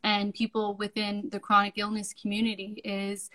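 A woman's voice: mid-range voice, completely flat delivery, moderate pace, sharp tone, rough recording. A woman co-hosting a podcast, speaking earnestly and emphatically and closing the episode. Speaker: podcast co-host. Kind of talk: podcast discussion and sign-off.

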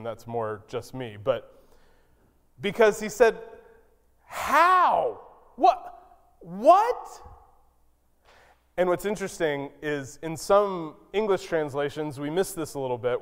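A man preaching a sermon as pastor, who acts out quoted lines with sudden high, loud outbursts. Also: clean tone. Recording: long hall reverb.

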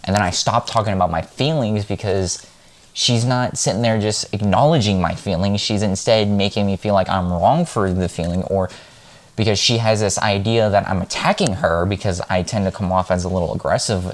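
A man's voice: low voice, a little fast. A man vlogging in a casual monologue, talking in a frank, rambling and heated way.

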